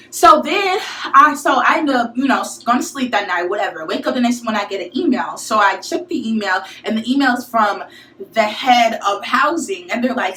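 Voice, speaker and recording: A young woman from St. Louis telling a college story to her viewers in a casual, slangy, animated way. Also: high voice, moderate pace. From St. Louis, USA. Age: young adult. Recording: echoey room, mic at a distance.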